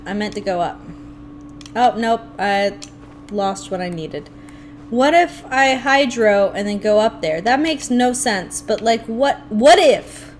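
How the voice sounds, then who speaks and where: A young woman streaming a video game live, talking to herself and her chat in an animated, playfully grumbling way. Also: a little high, slow pace, slight background noise. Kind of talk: live gameplay commentary.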